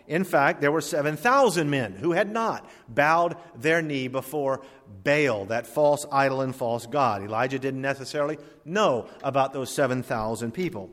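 A man preaching a sermon as pastor, rising to emphatic peaks and slowing down to read scripture aloud. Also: fairly high pitch, a bit bright. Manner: preaching with emphatic swells and slow, drawn-out scripture reading. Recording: long hall reverb.

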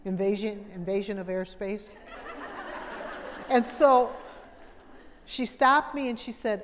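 A middle-aged woman speaks at a women's conference in a folksy, humorous way, addressing the audience directly. Her voice sits at an ordinary pitch. A long reverb from the large hall trails after her words. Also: slow pace, pauses often. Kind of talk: conversational women's conference talk.

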